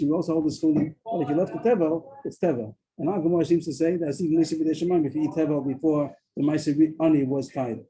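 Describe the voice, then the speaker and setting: A man teaching a daily Talmud class over a video call, explaining quickly and often restarting his sentences. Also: fairly high pitch, warm tone, low-quality recording.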